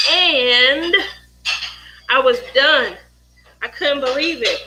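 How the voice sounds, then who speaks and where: A middle-aged woman hosting a relaxed craft chat, with a high, bright voice. She tells family stories in an animated way, laughing often and putting on the voices of the people in them. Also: slow pace, poor audio. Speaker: craft livestream host. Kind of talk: casual chat while crafting.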